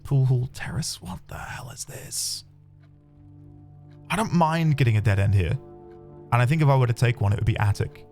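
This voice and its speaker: A man commentating his own game playthrough, chatty and excitable, talking to his viewers. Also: mid-range voice. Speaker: game streamer. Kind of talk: let's play commentary. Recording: faint background music.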